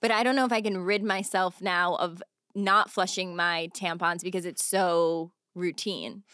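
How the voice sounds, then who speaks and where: A woman's voice: fairly low pitch, fairly even intonation, a little slow, sharp tone, dry recording, studio quality. A woman co-hosting a podcast, chatting playfully and laughing often. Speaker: podcast co-host. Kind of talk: casual comedic chat.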